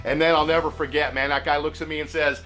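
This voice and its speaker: A man from Seattle telling a story in loose, casual talk with constant cursing and chuckles. His voice is bright and a touch high. Faint music plays under him. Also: little pitch movement, fast talker. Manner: laid-back, heavy cursing, chuckling. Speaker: host.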